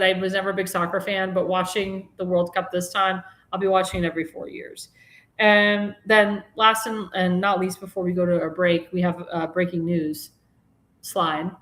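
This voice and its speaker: A woman's voice: mid-range voice, bright, forceful tone. A woman hosting a live political talk show, chatting casually with many fillers and restarts. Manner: indignant, scolding. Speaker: host. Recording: roomy echo.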